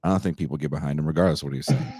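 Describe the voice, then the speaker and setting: A man hosting a casual chat, animated and quick to slip into mocking voices. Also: extremely low pitch, breathy edge, no echo, clean studio sound. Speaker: podcast host.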